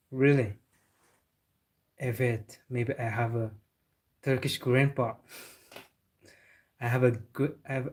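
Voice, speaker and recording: Young guy on his livestream, flat-ish voice, chatty, laughs a lot answering chat. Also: mid-range voice. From Senegal. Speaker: football livestream host.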